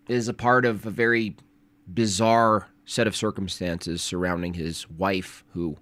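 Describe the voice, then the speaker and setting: A man's voice: lowish voice, a bit bright, dry recording. A male host giving casual, joking livestream commentary in a sarcastic tone.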